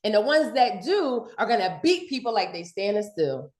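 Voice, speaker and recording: A woman from giving an excited, fast motivational sales training talk, repeating her points. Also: medium pitch, reverberant. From Philadelphia.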